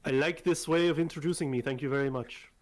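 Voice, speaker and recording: A man co-commentating a tournament with a somewhat high-pitched voice. He talks through the teams' setups analytically, explaining how each side plans to win. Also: quick pace. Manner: analytical, explains team strategy. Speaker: game co-commentator.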